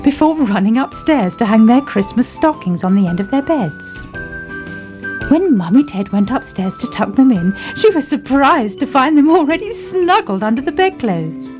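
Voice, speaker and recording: A woman narrating a children's story as a storybook reading, in a sing-song, expressive read-aloud manner. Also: on the high side, normal speed, over music.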